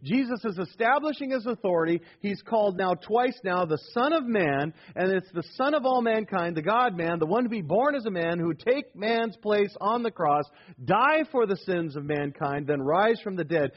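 A man's voice: on the high side, expressive, normal speed, slightly rough, highs cut off. A man preaching a sermon as pastor, building emphasis with rhetorical questions to his congregation.

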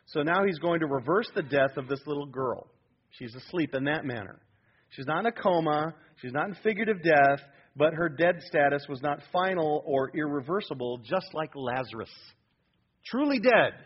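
Male pastor, fairly high husky voice, emphatic animated sermon, dull lo-fi recording. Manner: animated, emphatic preaching that prompts the congregation.

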